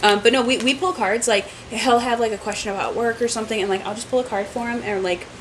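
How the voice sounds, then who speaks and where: A woman from New York with a New York accent, hosting a casual podcast chat, talkative and quick to laugh and play with words. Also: a little high, fairly even intonation, background noise. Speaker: podcast host.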